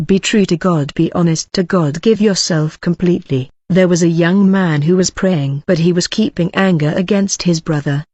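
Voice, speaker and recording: A woman giving a scripted narration of a religious testimony, in an even, read-aloud way with broken grammar. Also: fairly low pitch, no echo. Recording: dull lo-fi recording.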